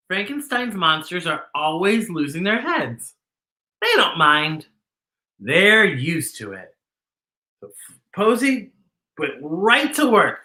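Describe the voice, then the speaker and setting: Woman, kids' storytime host; animated sing-song reader, bright tone, roomy sound. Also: on the low side, slow, long pauses. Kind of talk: reading a picture book aloud to kids.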